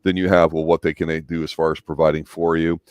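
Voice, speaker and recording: Fast-talking deep-voiced man. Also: level tone, a little mellow, no room sound, studio quality. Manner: brisk, reasoning, pushes back with counterpoints. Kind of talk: casual podcast movie discussion.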